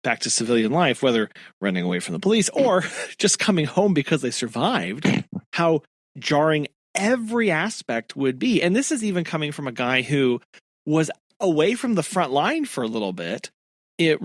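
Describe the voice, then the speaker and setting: A man's voice: on the high side, very animated, moderate pace, dry recording. A chatty man unpacks a novel's chapter with his co-host, laughing often and quoting the characters. His voice rises and falls freely, and it is recorded dry and close. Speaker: podcast co-host. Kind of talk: casual book discussion.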